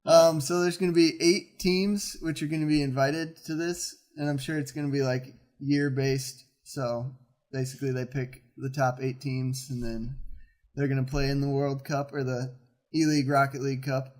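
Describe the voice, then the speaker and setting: A man's voice: mid-range voice, little pitch movement, normal speed, darkish tone. A young man co-hosting an esports news recap in an easygoing, casual way. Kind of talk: casual chat.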